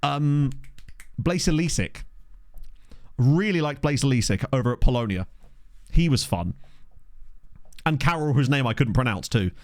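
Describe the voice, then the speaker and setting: Lively, chatty male game streamer. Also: mid-range voice, measured pace, long pauses, no echo. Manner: chatty, reads chat aloud, excitable reactions to match play. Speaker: streamer playing a football management game. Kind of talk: casual live-stream chat with commentary. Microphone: desk microphone.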